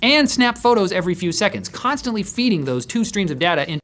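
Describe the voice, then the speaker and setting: Sarcastic, lively female tech presenter. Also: mid-range voice, fairly quick. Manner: sarcastic, playful. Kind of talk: scripted news with sarcastic jokes.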